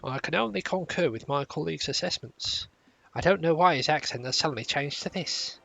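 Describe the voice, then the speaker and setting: A man's voice: a little high, normal speed, vocal fry, long pauses, bright, forceful tone, soft background music. A man streaming a game, casually reading its dialogue aloud and stumbling over words.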